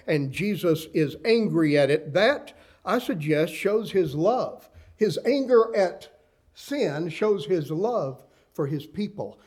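A man in his sixties, a pastor preaching a sermon with slow, impassioned delivery and dramatic pauses, reading scripture in old-fashioned wording. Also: sits high, expressive, a little mellow, breathy edge.

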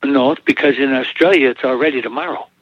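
A man with a husky, slightly raised voice trades corny jokes in a relaxed chat show. He often chuckles at his own punchlines. The sound is dull and lo-fi, with a dry, close feel. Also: mid-range voice, fast talker, no room sound. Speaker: podcast co-host telling jokes. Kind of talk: casual chat.

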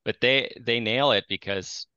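A man with a Minnesotan accent chatting about a movie on a podcast, lively and acting out quoted lines. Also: mid-range voice, a little slow, smooth, no room sound, dull audio. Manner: animated, acts out quoted lines. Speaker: podcast co-host. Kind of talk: casual movie-discussion chat.

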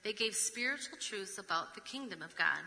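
A woman preaching a sermon, measured, reading scripture with rhetorical asides. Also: mid-range voice, expressive, pushed and bright. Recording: long reverb of a large hall.

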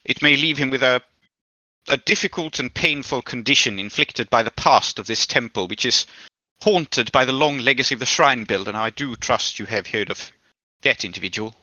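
A man role-playing a polite, scheming gentleman in a tabletop game, speaking formally with hesitant restarts. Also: medium pitch, moderate pace, no echo, poor audio. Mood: persuasive. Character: polite, scheming man making a grave request.

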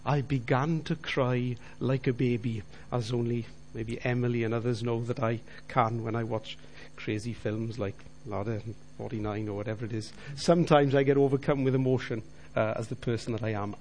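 A man's voice: mid-range voice, normal speed, darkish tone, slight background noise. A middle-aged man giving a personal faith testimony, telling his story earnestly and appealing directly to his listeners. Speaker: Christian businessman giving testimony.

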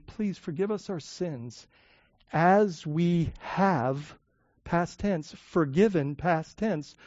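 A man preaching a sermon in a conversational way, with frequent restarts and "right?" asides, swinging from loud emphatic lines to soft low ones. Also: no echo, highs cut off. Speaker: pastor.

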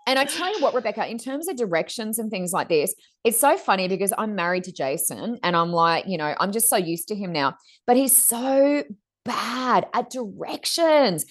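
A middle-aged woman co-hosting a podcast, telling stories in a chatty, animated way and acting out other people's lines. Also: medium pitch, moderate pace. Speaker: podcast co-host. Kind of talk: casual storytelling chat.

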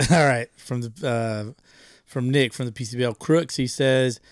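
A man's voice: mid-range voice, unhurried, dry recording, studio quality. Laughing, swearing male podcast host. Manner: laughs often, swears, reads listener jokes aloud. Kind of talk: casual chat.

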